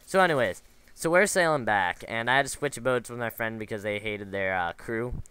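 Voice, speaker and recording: A man's voice: medium pitch, moderate pace, pushed and bright, clean tone, no echo. A man giving casual, rambling commentary over a video game, drifting into side stories with lots of fillers and restarts. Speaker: gameplay commentator.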